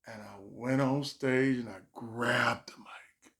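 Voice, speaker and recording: A man telling a personal story as a stand-up comedian, animated and acting out the voices of the people in it. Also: medium pitch, takes it slowly. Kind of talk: storytime monologue.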